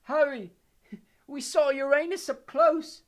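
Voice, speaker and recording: A man's voice: extremely high pitch, steady tone, voice pushed up. A man voicing a dazed, hurt teenage boy wizard who giggles and slurs in an audiobook reading. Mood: giggly woozy. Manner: giggly, slurred and slow.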